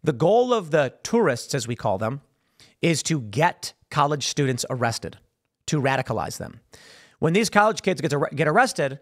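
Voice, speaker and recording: A man hosting a political commentary show, talking in a fast, animated monologue and mimicking the people he mocks. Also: a little high. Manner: fast animated talk with mocking put-on voices for quoted people.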